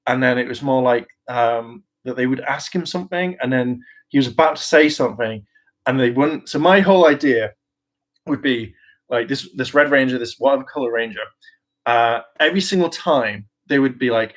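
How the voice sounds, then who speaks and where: A man's voice: medium pitch, normal speed. A man chatting casually in a fan vlog, rambling and hesitant with many fillers and restarts, and eagerly enthusiastic. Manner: enthusiastic, often laughing. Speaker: YouTuber discussing a TV franchise.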